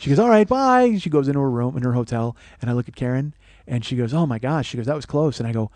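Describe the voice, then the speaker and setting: A man hosting a podcast, telling a comic personal story in a profane, animated, self-mocking way. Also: medium pitch, quick pace, dry recording. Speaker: podcast host. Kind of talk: comedic storytelling monologue.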